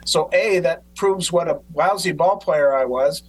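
A man hosting a podcast who tells stories in an animated way and acts out quotes. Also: on the high side, measured pace, slightly rough, rough recording. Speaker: podcast host. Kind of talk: casual conversation.

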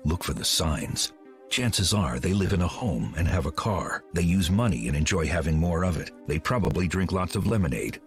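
A male announcer reading a scripted comic ad in a deadpan, mock-conspiratorial way. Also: deep voice, normal speed, soft background music.

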